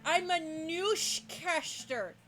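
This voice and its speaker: A woman's voice: very high voice, expressive, extremely slow, a bit bright, exaggerated voice. A woman voicing a drunken middle-aged male newscaster in a game, with a slurred, rambling announcer delivery. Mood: tipsy, grandiose.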